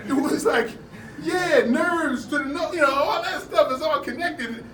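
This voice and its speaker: A man with a notably high voice tells animated stories to a class, laughing often as he goes. He sounds distant from the mic in an echoey room. Steady background noise runs under him. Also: a little slow. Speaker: martial arts seminar instructor. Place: indoor seminar room at a convention.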